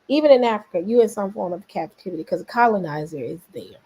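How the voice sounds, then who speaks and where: A woman with a Southern accent talks casually to her viewers. She rambles in an animated way, jumping between thoughts. Her voice sits at an everyday middle pitch. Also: fast, slightly rough. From Memphis, Tennessee. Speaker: vlogger host. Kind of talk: casual commentary vlog.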